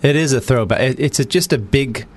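A man's voice: mid-range voice, a little fast, a little hiss or hum. A man from the United States being interviewed as an actor on a radio show, easygoing and joking. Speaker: actor guest.

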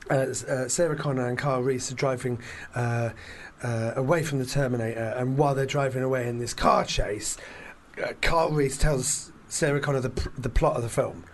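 A man hosting a casual podcast chat, retelling film scenes in a rambling, animated way with lots of fillers. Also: medium pitch, normal speed, slight background noise. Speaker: podcast host.

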